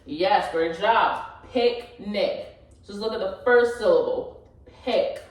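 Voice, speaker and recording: A woman's voice: medium pitch, measured pace. A woman teaching a phonics lesson to a class, patient and checking in often with the students. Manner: patient, checks in often with okay and all right. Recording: echoey room, from far off.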